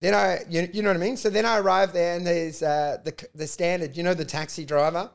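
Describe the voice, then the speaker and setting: A man's voice: high voice, fairly quick, creaky, smooth. A man telling a rambling story in casual chat, swearing a lot and acting out what people said. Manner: profane, animated storytelling with acted-out quotes. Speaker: comedian.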